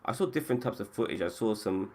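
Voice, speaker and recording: A man's voice: fairly low pitch, animated, fast talker, a little mellow, slight background noise. A man hosting a podcast and running a casual chat about video games, swearing freely and often restarting his sentences. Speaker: podcast host.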